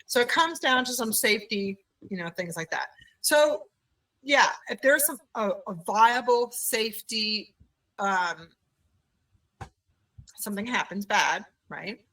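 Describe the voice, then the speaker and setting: A woman who owns a childcare center, telling her story in an animated conversational way in an interview. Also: a little high, slow pace, recorded from a distance, poor audio. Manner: animated, acts out quoted voices.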